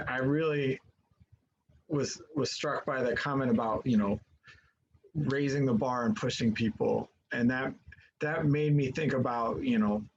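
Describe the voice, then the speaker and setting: A man moderating an online panel, speaking thoughtfully and haltingly with many fillers over a video call. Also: mid-range voice, lo-fi sound, slight background noise.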